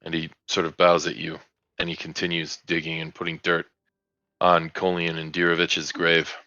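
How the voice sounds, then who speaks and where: A man running a tabletop game, narrating in a casual, halting way. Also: low-pitched, monotone, sharp tone, no room sound, highs cut off. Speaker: game master.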